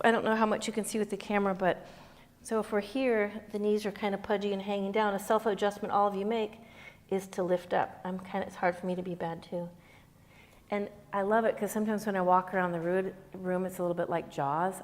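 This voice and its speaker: A woman's voice: medium pitch, in a large hall. A woman yoga teacher talking to her class in a chatty, rambling way, telling stories with sound effects. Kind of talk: informal class talk and storytelling. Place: yoga studio.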